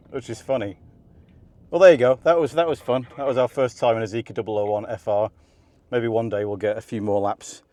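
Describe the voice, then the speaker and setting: A man presenting a car video, giving excited, chatty commentary from inside a car on a race circuit and often laughing. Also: mid-range voice. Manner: enthusiastic, chatty, breaks into laughter. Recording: loud engine and road noise. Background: car engine and track noise.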